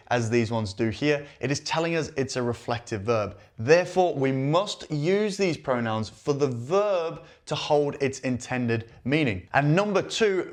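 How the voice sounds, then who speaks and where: A man gives a methodical language lesson, walking through grammar examples one at a time. His voice sits at an ordinary middle pitch. He slows down and leans on the words he wants to stick. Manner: clear, methodical, stresses key words. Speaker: Spanish teacher.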